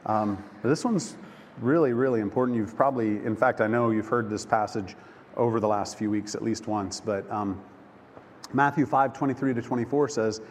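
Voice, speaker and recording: A man preaching a sermon, telling a personal story with emotion, halting and restarting often. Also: on the low side, darkish tone. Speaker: pastor. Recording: long hall reverb, faint background noise.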